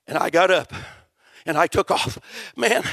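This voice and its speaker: A man preaching a sermon with a very high voice and a gravelly edge. He tells his story in a folksy way and builds to fervent shouts. The sound is dry and close. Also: animated, a little slow, no room sound. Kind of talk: sermon testimony.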